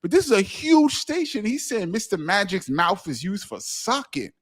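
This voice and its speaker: Middle-aged New man, animated interview guest who acts out quotes, a touch high. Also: moderate pace. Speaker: guest, DJ and author. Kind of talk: casual storytelling interview.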